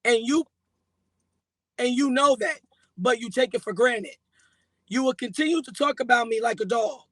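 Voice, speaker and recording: High-voiced man retelling an argument. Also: moderate pace, dry recording, low-quality recording. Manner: animated, acts out both sides of arguments. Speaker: guest recounting a breakup. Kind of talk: emotional casual storytelling.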